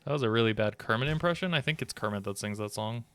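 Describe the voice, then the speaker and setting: A man's voice: on the low side, lively intonation, fast talker, a bit bright, smooth. A man streaming a video game live, rambling and joking as he plays, swearing often, into a desk microphone. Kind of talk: casual live gameplay commentary.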